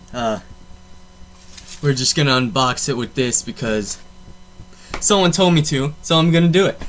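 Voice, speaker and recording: A man's voice: mid-range voice, fairly bright tone, slight background noise. A young man hosting a casual unboxing vlog at home, goofy and rambling, often cutting himself off. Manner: goofy, rambling, self-interrupting. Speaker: unboxing vlogger.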